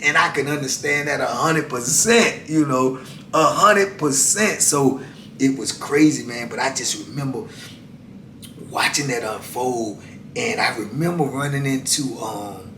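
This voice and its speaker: A middle-aged man telling prison stories in a casual, colloquial way, often saying "man" and swinging between loud and hushed. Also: normal speed. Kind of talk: casual storytelling. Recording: echoey room, mic at a distance, faint rumble.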